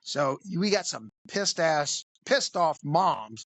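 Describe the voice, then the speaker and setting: A man, a police officer, telling a crude story in an animated, conversational way. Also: on the high side, takes it slowly, no echo. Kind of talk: casual storytelling.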